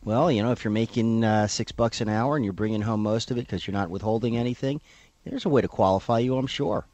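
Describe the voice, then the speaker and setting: A middle-aged man from South Florida, an attorney guest on a radio interview, explaining things in a measured way with frequent uhs. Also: on the low side, a little mellow, no room sound. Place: radio studio.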